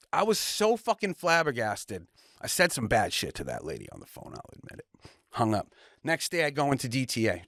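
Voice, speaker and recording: A young man vents in an animated, profanity-laced rant for a casual podcast. His voice sits a little high for a man, and the mic is close and dry. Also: no echo. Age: young adult. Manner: profane, heated storytelling. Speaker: podcast co-host. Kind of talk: casual ranting chat.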